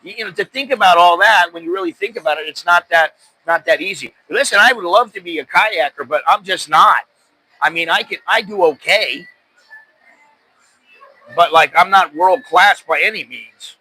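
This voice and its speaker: A man's voice: sits high, moderate pace, pushed and bright, breathy edge, poor audio. A middle-aged American man hosting a podcast, telling stories in a loose, rambling, self-deprecating way. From United States. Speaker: podcast host. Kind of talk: casual chat.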